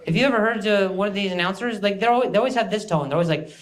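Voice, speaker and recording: Sex: man. Role: stand-up comedian. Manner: sarcastic, mock-boastful. Pitch: high. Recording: echoey stage, loud noise. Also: rapid-fire.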